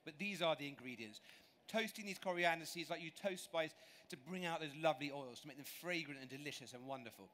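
A man's voice: a little high, brisk, sharp tone, slight background noise. Chatty English man doing a cooking demo. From England. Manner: chatty, self-deprecating, enthusiastic. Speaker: chef demonstrating cooking. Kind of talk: live cooking demonstration. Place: large exhibition stage.

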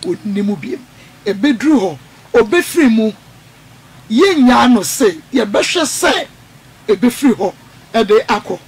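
A woman hosting a call-in radio show, giving calm advice and murmuring along while callers talk. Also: on the high side, slow, long pauses, husky. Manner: calm advice with frequent mm-hmms. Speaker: radio host.

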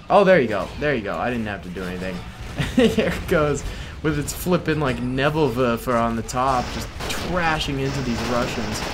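Man, gameplay commentary, casual, excitable, animated pitch, laughs often. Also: normal speed, background noise. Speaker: gaming YouTuber.

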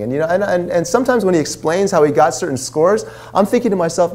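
A man's voice: sits high, fast talker, few pauses, dark tone. A man in his forties, a minister, telling a story in a sermon in a casual, chatty way full of asides. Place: church.

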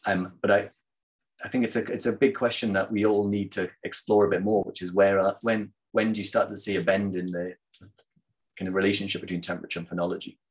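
Male speaker, low register, calm seminar Q&A answers, careful and hedging. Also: quick pace. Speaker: invited speaker answering questions. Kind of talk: answering audience questions at an online seminar.

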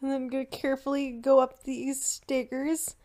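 A young woman streaming live whose voice sits very high. She talks slowly and playfully, giggling between lines as she chats to her viewers. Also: little pitch movement, a little mellow. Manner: giggly, bubbly, talks to chat. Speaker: live streamer, virtual avatar.

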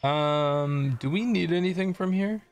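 A man's voice: a little high, a little slow, smooth, dry recording, faint music behind. A young man casually commenting on his gameplay as a streamer, chatting and joking with viewers. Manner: chatty, jokey, reads chat aloud.

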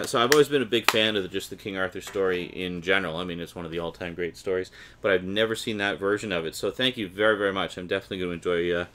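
A Canadian unboxing vlogger with a low, pushed, bright voice chats wryly as he opens a package, reading the blurbs with mock enthusiasm. There's a little hiss or hum in the audio.

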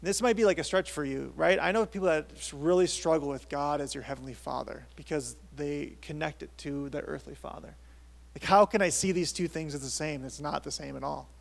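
A man's voice: fairly high pitch, a little fast, vocal fry. A man in his thirties, a pastor with a tenor voice, preaching a sermon in a casual, conversational way at a church service.

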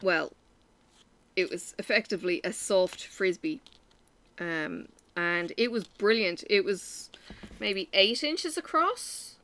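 An Irish woman, a crafting vlogger, rambles through homely stories in a relaxed, chatty way. Her voice is bright and her pitch sits in the middle for a woman. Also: slow. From Ireland. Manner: rambling, chatty storytelling with frequent fillers. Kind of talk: casual chat while stitching.

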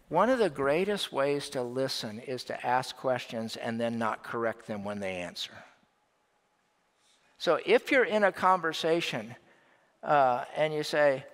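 Chatty pastor preaching in a reverberant church. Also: male voice, a little high, fairly bright tone. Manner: conversational, joking, checks in with "all right?" and "okay?". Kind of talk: sermon. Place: church sanctuary.

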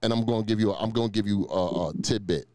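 A man's voice: fairly low pitch, fast, no room sound, clean studio sound. A man hosting a talk show, talking brashly with lots of swearing and teasing in a heated casual chat. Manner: brash, profane, loud and teasing. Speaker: show host.

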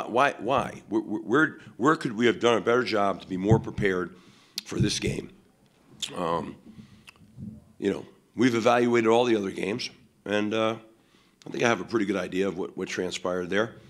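A man, a head football coach, answering questions at a post-game press conference in a blunt, emphatic way, with many fillers. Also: lowish voice.

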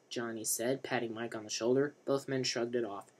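A man's voice: medium pitch, fairly quick, few pauses. A man reading a novel aloud for comic effect, with dry, wry asides. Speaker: reader.

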